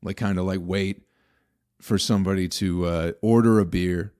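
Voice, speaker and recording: A man's voice: deep voice, steady tone, moderate pace, a little mellow, clear, resonant tone. A man, a comedian hosting his own podcast, telling a rambling story with a lot of swearing and exasperated asides to his listeners.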